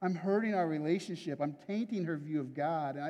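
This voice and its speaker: A man's voice: fairly high pitch, brisk, dark tone, highs cut off. A man preaching a sermon in a conversational, confessional way, often checking in with the listeners. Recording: long hall reverb.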